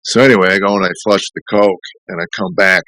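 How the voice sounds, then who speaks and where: A man's voice: low-pitched, little pitch movement, fast, bright, forceful tone, dry recording, poor audio. A middle-aged man, a comedian, telling a candid, rambling personal story in a podcast interview, full of restarts and fillers. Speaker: comedian guest.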